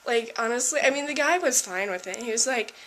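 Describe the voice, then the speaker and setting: A woman's voice: fairly high pitch, lively intonation, a little fast, fairly bright tone. A young woman vlogging at home, chatting to camera, ranting and laughing about an embarrassing day. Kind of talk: casual chat to camera. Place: at home indoors.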